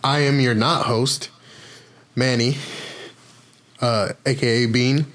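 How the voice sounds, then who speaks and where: A man's voice: mid-range voice, fairly even intonation, slow pace, fairly bright tone. A young man co-hosting a casual podcast, talking in a rambling, hesitant way with lots of fillers. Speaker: podcast co-host. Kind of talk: casual chat.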